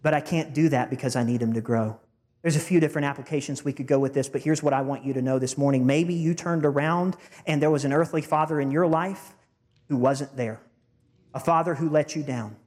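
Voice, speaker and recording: Pastor, thirties, male, slightly high voice, earnest and heartfelt, preaching under long church reverb. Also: a little fast, a little mellow. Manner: earnest, heartfelt, addresses the congregation directly. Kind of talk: sermon. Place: church sanctuary.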